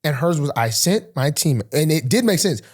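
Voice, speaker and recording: A man's voice: a little high, moderate pace. A man in his twenties, a football player guest, telling a story in casual chat and acting out the lines of the people in it. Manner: animated, acts out quoted dialogue, many fillers.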